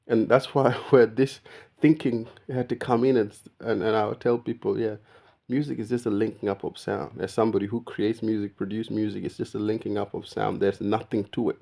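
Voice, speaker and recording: A man's voice: fairly low pitch, little pitch movement, brisk, vocal fry, a little mellow. A man talking casually straight to the viewer in a rambling monologue, often calling the listener "bro" and mimicking the greetings of other people. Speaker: vlogger.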